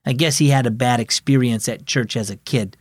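A man voicing a quiet, thoughtful boy in a children's audio story, speaking in a subdued, earnest way. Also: medium pitch, a little fast, breathy edge, no echo, studio quality, pitched below the performer's own voice, lightly acted. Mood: wistful.

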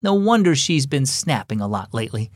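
A man voicing a gentle, caring mother in a children's devotional story, soft and soothing. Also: mid-range voice, big pitch swings, a little fast, dry recording, studio quality, natural voice. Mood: comforting.

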